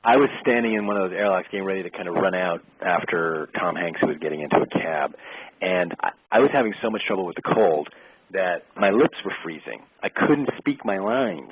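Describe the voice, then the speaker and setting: Husky-voiced man telling a story over the phone. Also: sits low, brisk. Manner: lively storyteller who acts out quoted exchanges. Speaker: actor and interview guest. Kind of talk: casual storytelling anecdote. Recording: tinny phone-line sound, dry.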